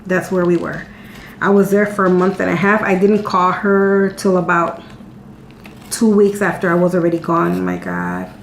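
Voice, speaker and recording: This woman in her thirties has a gravelly voice on the low side, with a level tone and normal speed. Answering viewer questions as a vlogger, she tells a personal story in a chatty, candid manner, repeating words, while an echoey room adds a faint hum.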